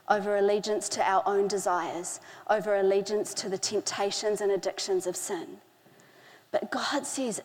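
A middle-aged woman preaching a sermon, earnest, slowing down to stress key phrases. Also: mid-range voice, darkish tone. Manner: earnest, with slow emphatic phrasing. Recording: hall with long reverb.

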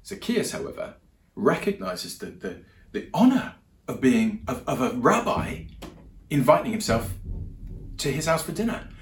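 A man preaching a sermon, retelling Bible stories in a lively, conversational way with frequent restarts and repeated words. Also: mid-range voice, normal speed, pauses often, distant mic. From England. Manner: animated, repeats words, acts out voices in stories. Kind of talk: sermon storytelling. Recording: echoey room, speaker away from mic.

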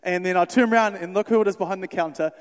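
A young man, a youth worker telling stories in a sermon, animated and conversational, acting out the dialogue. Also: high voice, rapid-fire. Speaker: youth worker speaking to a church. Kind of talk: storytelling sermon. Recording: reverberant hall.

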